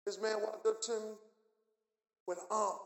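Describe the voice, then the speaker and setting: A man preaching a sermon as a personal testimony, telling the story with animated delivery and acting out the voices in it. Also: high-pitched, moderate pace, creaky. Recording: echoey room.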